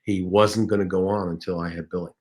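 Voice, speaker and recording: A low-voiced, fast-talking comedian and voice actor swaps anecdotes during a casual interview where he's the guest. His delivery is bright and animated.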